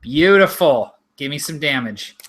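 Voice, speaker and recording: A man narrating as game master in a tabletop game, describing the action in a lively, vivid way. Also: fairly high pitch, unhurried.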